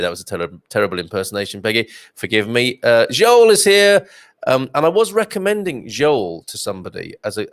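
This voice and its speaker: A male host with a lively, swooping delivery, reading viewer comments and wandering off into chatty asides. His voice sits at an ordinary pitch and sounds close and dry. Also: no echo. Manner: chatty, rambling, reads comments aloud with asides. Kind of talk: live-stream chat reading viewer comments.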